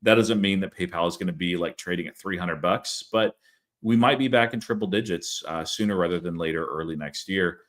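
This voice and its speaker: A man with a deep, low voice hosts a casual stock discussion. He thinks out loud, padding his points with frequent fillers as he goes. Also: fairly quick. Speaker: channel host.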